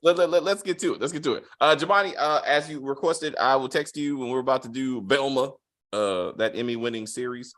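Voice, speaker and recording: A man's voice: mid-range voice, fairly quick, a bit bright. A man hosting a casual chat review, hesitant and blunt in his opinions. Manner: hesitant, many fillers and restarts, blunt. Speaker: host.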